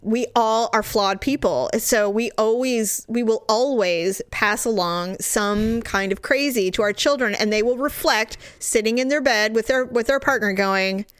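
A woman in casual chat with her sister, opinionated and quick to laugh. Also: fairly high pitch, clean tone, no room sound. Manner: animated, opinionated, laughs often. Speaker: sister of the other speaker.

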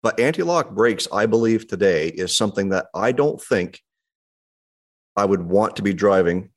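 A man co-hosts in relaxed conversation, plain-spoken and agreeable. His voice sits fairly low. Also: moderate pace. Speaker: podcast co-host. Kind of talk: casual chat.

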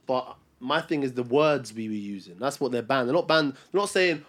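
Halting young man debating. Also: medium pitch, animated. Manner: hesitant, many restarts. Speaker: podcast co-host. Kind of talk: casual debate.

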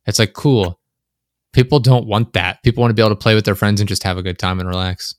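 Casual podcast co-host: young man, low-pitched, animated rambling delivery, dry close mic. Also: quick pace, no echo. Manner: animated, swearing, rambling with many fillers. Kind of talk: casual chat. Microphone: close desk microphone.

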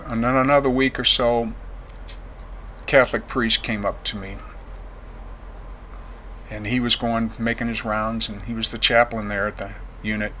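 A man's voice: mid-range voice, steady tone, normal speed, long pauses, a little hiss or hum. Earnest man telling his testimony. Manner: earnest, plain-spoken, dropping quiet on painful memories. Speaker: veteran giving testimony. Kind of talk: personal testimony storytelling.

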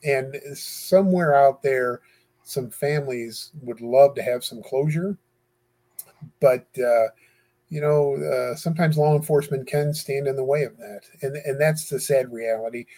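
A man's voice: medium pitch, measured pace, warm tone. A man speaking as an interview guest, talking earnestly and hesitantly with many fillers and restarts. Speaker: guest who corresponds with death row inmates. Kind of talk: casual interview talk.

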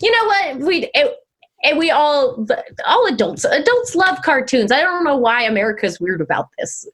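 Woman, podcast guest, chatty, fairly high voice, laughs a lot. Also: sing-song, moderate pace, a bit bright. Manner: chatty, laughs often, trailing restarts. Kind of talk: casual chat.

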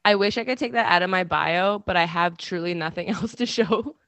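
A woman's voice: on the low side, fairly quick, a bit bright, no room sound. A woman guest chatting casually and self-deprecatingly on an interview podcast, often laughing through her words and restarting sentences.

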